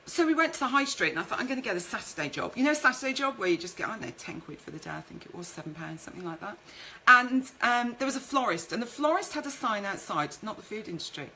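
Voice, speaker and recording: Woman doing a live business talk, bright chatty voice, bit of faint noise in the background. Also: a little high, very animated, quick pace, few pauses, low-quality recording. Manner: chatty, reads out viewer comments aloud. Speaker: networking show host and speaker.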